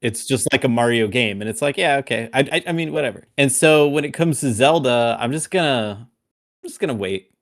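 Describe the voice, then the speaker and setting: A man's voice: mid-range voice, animated, fairly quick. A man joining a podcast over a video call, giving wry, hesitant opinions. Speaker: podcast co-host. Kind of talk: casual chat.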